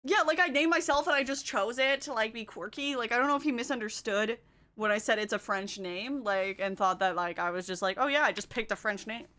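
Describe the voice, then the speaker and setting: A woman's voice: on the high side, brisk, sharp tone. A woman streaming casually while doing her makeup, chatting, laughing often and answering her chat. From Canada. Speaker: livestreamer.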